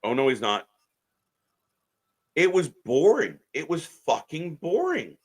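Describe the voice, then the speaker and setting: A man's voice: a little high, wildly swooping pitch, slow. A man co-hosting a live wrestling watch-along, blunt and disgusted, swearing heavily. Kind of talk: profane live commentary chat.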